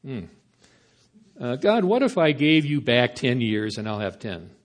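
A man's voice: mid-range voice, big pitch swings, unhurried. Man voicing skeptical monkey, hesitant, haggling. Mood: doubtful. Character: reluctant monkey bargaining with God.

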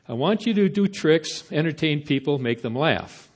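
A man's voice: fairly high pitch, lively intonation, normal speed, breathy edge. God figure, grand creator voice, as a preacher puts him on, male, commanding.

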